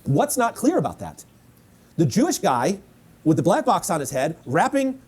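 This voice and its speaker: A male preacher delivers a sermon with emphatic conviction. He reads scripture aloud and repeats lines for effect. His voice sits fairly high and swings widely in pitch. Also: big pitch swings, moderate pace, long pauses, slightly rough. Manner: emphatic, repeats key lines and asks rhetorical questions.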